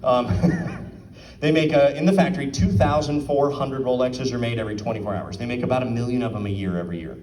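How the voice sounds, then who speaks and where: A man's voice: mid-range voice, fast, darkish tone, far from the mic, slight background noise. A man giving a casual talk at an art auction, asking his audience questions and acting out quotes. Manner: chatty, asks the audience questions, acts out quotes. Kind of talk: casual presentation to a live audience. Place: room with an audience. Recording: roomy sound from off the mic.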